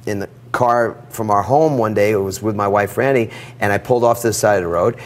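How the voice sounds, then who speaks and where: A middle-aged man telling a personal story in an interview, animated and acting out the dialogue. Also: on the low side, brisk. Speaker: guest.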